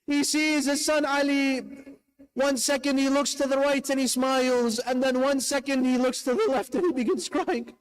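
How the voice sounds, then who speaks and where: A man's voice: extremely high pitch, steady tone, normal speed, rough recording. A man delivering a mourning sermon at a religious gathering, narrating with passion and a voice that breaks into sobs. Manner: impassioned, lamenting, voice breaking into sobs. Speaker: preacher. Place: mosque gathering.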